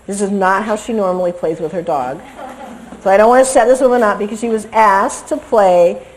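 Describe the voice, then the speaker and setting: A woman lecturing on dog behavior over video clips, lively and acting out what the dogs seem to think. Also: medium pitch, fairly quick, slight background noise, poor audio. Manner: lively, acts out dogs' thoughts in quotes.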